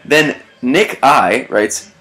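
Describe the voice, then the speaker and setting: A man's voice: mid-range voice, expressive, drawn-out words, sharp tone. A man chatting casually with his roommate, amused and laughing often as he reads comments aloud. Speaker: video creator reading comments. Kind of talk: casual chat.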